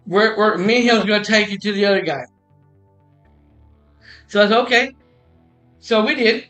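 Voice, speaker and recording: A man hosting a podcast stream, telling a long story in a halting way, restarting phrases and acting out what others said. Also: high voice, a bit bright, soft background music, rough recording. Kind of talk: casual rambling storytelling. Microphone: streaming mic.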